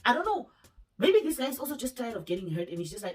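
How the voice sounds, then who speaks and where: A young woman vlogger races through a casual story in a high voice, using slang and animatedly acting out what other people said. The mic is distant, with faint music in the background.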